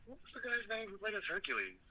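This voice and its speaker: A man's voice: high-pitched, wildly swooping pitch, fast, bright, forceful tone, poor audio. A man hosting a podcast, chatting casually and telling rambling, profane jokey stories. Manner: rambling, joking, profane storytelling. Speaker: podcast host. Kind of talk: casual comedic chat.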